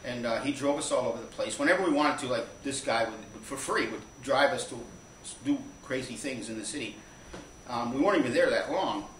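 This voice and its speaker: A storyteller with a mid-range, fairly bright voice rambles through an anecdote live on a small stage, halting and restarting as he goes. A distant mic picks him up in an echoing room, with a faint hum of ambience underneath.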